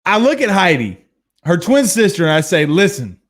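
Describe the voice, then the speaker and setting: A man in his thirties from Louisiana hosting a casual sports stream, reading viewer comments and telling stories in a blunt, animated way. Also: sits high, moderate pace. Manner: animated storyteller, hums drum beats, blunt. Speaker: sports show host.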